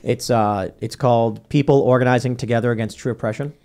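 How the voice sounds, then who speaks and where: A fast-talking man hosting a podcast panel in a casual, jokey way. His pitch sits mid-range, and he breaks into other voices when he retells stories. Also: fairly even intonation, a little mellow. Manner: quick, jokey, acts out quotes in voices. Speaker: podcast host.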